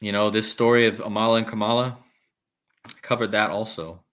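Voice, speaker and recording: Male livestream host, low-pitched, loose and rambling, reads chat. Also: flat delivery, a little fast, fairly bright tone. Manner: rambling, restarts, reads viewer comments aloud. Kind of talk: casual live-stream talk reading chat.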